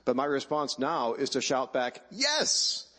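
A man's voice: mid-range voice, flat delivery, normal speed. A middle-aged man giving a wry, emphatic personal speech at a choir event before introducing the choir. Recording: long hall reverb.

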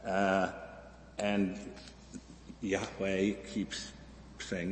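A man preaching a sermon as a minister, slow and reflective, lifting his voice for the figures in the stories he tells. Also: on the low side, creaky, a little mellow, a little hiss or hum. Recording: echoey hall, slightly distant.

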